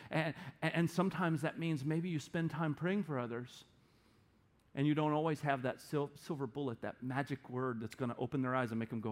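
Animated preaching man, fairly high voice. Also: normal speed. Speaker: pastor. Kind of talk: sermon.

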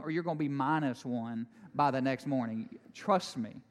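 A man preaching in a big church hall, his voice ringing with long reverb. He talks in a lively, conversational way, tossing jokes and asides to the congregation, and sits a bit higher than most men. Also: moderate pace, few pauses. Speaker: pastor. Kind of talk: sermon.

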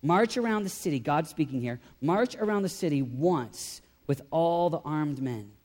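A man preaching from the pulpit with a high, bright voice for his sex. He swings between forceful, raised emphasis and low, hushed intensity. The sound rings with the long reverb of a large church hall. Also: normal speed. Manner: animated, swings from loud emphasis to quiet intensity. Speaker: pastor. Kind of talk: sermon.

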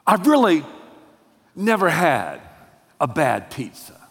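High-voiced guy preaching, lots of jokes, big echoey church hall. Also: slow. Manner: animated, joking, addressing the congregation. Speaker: pastor. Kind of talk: sermon.

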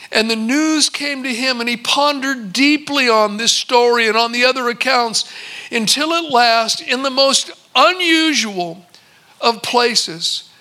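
A man's voice: extremely high pitch, pushed and bright. A man preaching a sermon as pastor, telling Bible stories and his own experiences with vivid retold dialogue. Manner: storytelling, acts out servants and a visitor in quotes.

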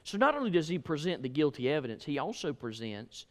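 A male pastor preaching a sermon, telling folksy stories and switching from loud emphasis to hushed asides. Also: fairly high pitch, sing-song, fast. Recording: echoey hall.

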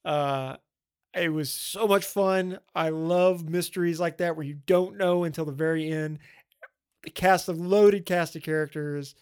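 Casting note: a man, film podcast co-host, excitable, rambly, from the South. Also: on the high side, measured pace, clean tone. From American South. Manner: enthusiastic, rambling with fillers. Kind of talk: casual film chat.

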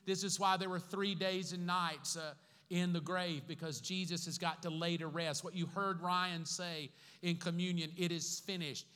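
Bright high-voiced man preaching in a reverberant hall. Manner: joking asides with the congregation between teaching points; slow emphatic repetition of key phrases. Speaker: pastor. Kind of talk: sermon. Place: church sanctuary with congregation. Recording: long reverb from a large church hall.

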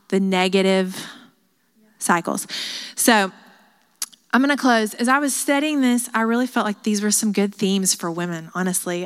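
A woman's voice: mid-range voice, smooth. A woman leading a women's Bible study, teaching in an earnest, chatty way with frequent asides and fillers. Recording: hall reverb.

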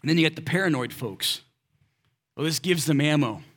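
A man's voice: fairly high pitch, lively intonation, normal speed, a bit bright. Casual, conversational preacher man. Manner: conversational preaching with rhetorical questions; casual and direct, slips in slang. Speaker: pastor. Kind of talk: sermon.

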